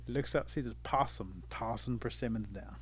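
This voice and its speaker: A man's voice: medium pitch, moderate pace, slight background noise. Guy from the cherokee nation telling an old folk tale, laid back, lots of uhs. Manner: relaxed, folksy, with fillers and chuckles. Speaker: storyteller. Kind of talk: oral folk storytelling.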